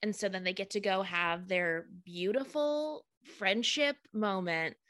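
A woman co-hosting a podcast in casual chat, talking in quick restarts and laughing easily. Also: medium pitch, a bit bright, dry recording, studio quality. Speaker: podcast co-host.

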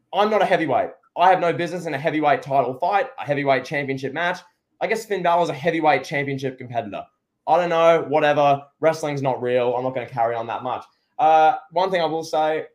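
A man with a fairly high voice talks casually through a wrestling show as a podcast co-host. He rambles and restarts his sentences, then turns sarcastic. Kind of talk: casual wrestling review chat.

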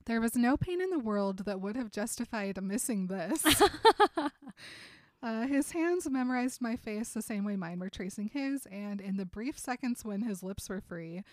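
A woman co-hosting a casual chat, reading book passages aloud in a softer voice and laughing often. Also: mid-range voice, expressive, normal speed, no room sound. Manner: reads quotes softly, laughs often. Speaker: podcast co-host.

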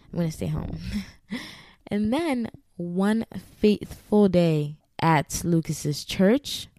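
Young woman from massachusetts gabbing to camera, lots of "like", laughy, warm low voice. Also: no echo, clean studio sound. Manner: chatty, animated, laughs often, fillers like "like". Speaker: YouTuber. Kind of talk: casual storytelling to camera.

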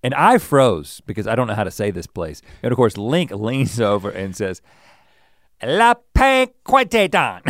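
A man co-hosting a casual chat, telling an anecdote in an animated way and laughing often. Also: lowish voice, normal speed, few pauses, no room sound, clean studio sound. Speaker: podcast co-host.

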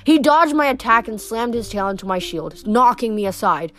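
Woman reading a novel aloud, highish voice. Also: animated, normal speed, fairly bright tone. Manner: casual, stumbles and self-corrects. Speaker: reader.

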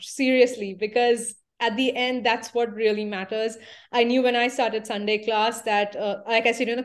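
A woman from India speaks as a podcast guest in a fairly high voice. She talks earnestly in a relaxed conversation, dotting her sentences with "you know." She comes through over a remote call. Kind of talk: casual interview conversation.

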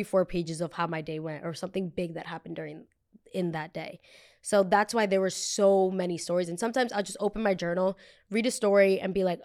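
A woman in her twenties hosting a podcast, telling a story casually and acting out what others said in raised voices. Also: lowish voice. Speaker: podcast host.

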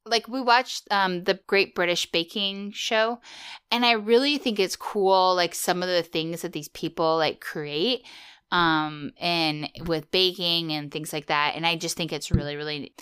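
A woman's voice: lowish voice, fairly even intonation, unhurried, fairly bright tone, clean tone. A woman co-hosting a podcast in casual chat, talking loosely with lots of "like" and "um". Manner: chatty, peppered with "like" and "um". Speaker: podcast co-host. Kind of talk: casual chat recapping a cartoon.

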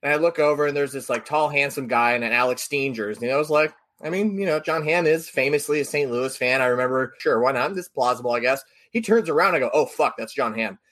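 A man on a podcast telling a story in a casual, animated way, acting out the people he quotes. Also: medium pitch, fast, few pauses.

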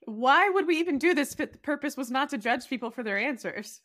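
A woman's voice: high voice, expressive, brisk, fairly bright tone. A woman co-hosting a podcast, teasing her guest in casual, playfully judgmental chat. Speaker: podcast co-host.

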